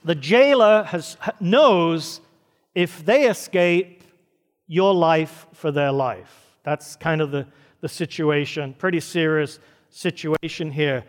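A man's voice: fairly high pitch, slow. A man preaching a sermon, retelling a story with dramatic, varied pacing. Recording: reverberant church hall.

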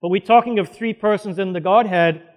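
A man's voice: high voice, fairly quick, long reverb tail. A male pastor preaching a sermon to a congregation, emphatic and putting questions to the room. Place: church hall before a congregation.

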